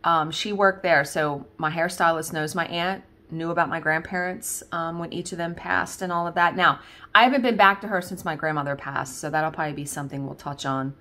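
Chatty woman with a lowish voice. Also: a little fast, sharp tone. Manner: chatty and rambling, with frequent fillers and laughs. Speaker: craft video host. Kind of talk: casual chat while crafting.

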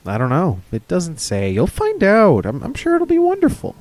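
Man doing a high-pitched fretting mother. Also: wildly swooping pitch, moderate pace, a little mellow. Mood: nervous. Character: fussy, anxious middle-aged mother.

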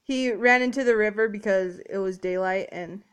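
A woman's voice: medium pitch, moderate pace, smooth. A woman co-hosting a gaming channel in casual gameplay commentary, jokey and teasing, with sudden screams.

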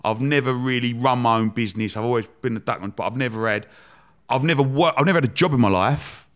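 Laughing bloke telling stories. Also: male voice, mid-range voice, fast talker. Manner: animated, laughing, swears freely. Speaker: podcast guest, entrepreneur. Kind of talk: casual storytelling chat.

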